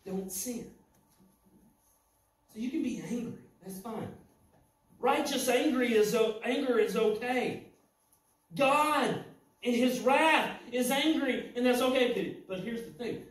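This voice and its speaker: A man preaching a sermon to his church, impassioned and building up to shouting at points. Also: very high voice, slow pace, long pauses. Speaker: pastor. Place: church sanctuary. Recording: echoey church hall, mic at a distance.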